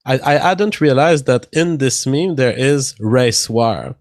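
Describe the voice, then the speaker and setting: A man with a French accent co-hosts a casual stream, speaking at a mid pitch. He is earnest, stumbles on the first words of his sentences and laughs at himself. His voice sounds close and dry. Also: lively intonation, slow pace, no room sound. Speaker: co-host. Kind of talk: casual livestream chat.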